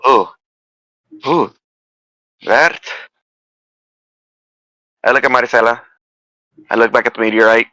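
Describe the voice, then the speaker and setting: A man with a bright, forceful voice, recorded dry and close, plays in a tabletop game. He calls out his character's actions and lines, sighing and exasperated. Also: medium pitch, steady tone, takes it slowly, long pauses, no room sound. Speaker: player.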